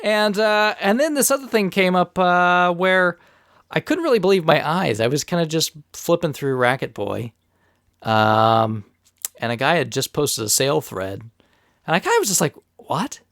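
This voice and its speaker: A man co-hosting a casual podcast, telling stories with lively bursts of rising pitch. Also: normal speed, dry recording, clean studio sound. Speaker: podcast co-host.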